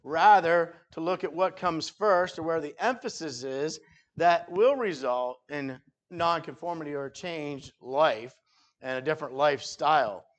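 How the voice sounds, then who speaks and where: A man's voice: a little high, a bit bright. Man preaching a conversational sermon. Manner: conversational preaching with verbal fillers, reads scripture with rising emphasis. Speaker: pastor.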